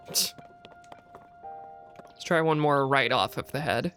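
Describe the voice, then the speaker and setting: A man streaming a video game, thinking out loud in casual commentary and poking fun at himself. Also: mid-range voice. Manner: musing aloud, self-mocking, quick laughs. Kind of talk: casual let's-play commentary. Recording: faint game music behind.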